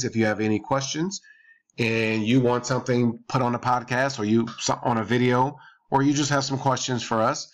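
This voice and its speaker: A man giving calm, explanatory parenting advice on a podcast and repeating his points. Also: medium pitch. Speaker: parenting behavior coach.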